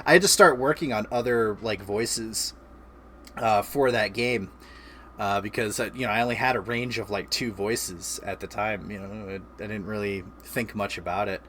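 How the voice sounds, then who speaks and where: A man's voice: lowish voice, normal speed, slight background noise. Laughing man telling stories. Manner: laughing, animated storyteller. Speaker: streamer host. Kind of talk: casual chat.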